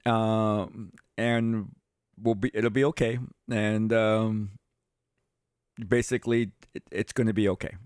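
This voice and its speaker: Plain-spoken retired cop telling stories. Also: male voice, lowish voice, steady tone, takes it slowly, a little mellow, clear, resonant tone, dry recording, studio quality. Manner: conversational, addresses viewers directly, swears casually. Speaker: streamer and retired police chief. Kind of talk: casual livestream storytelling.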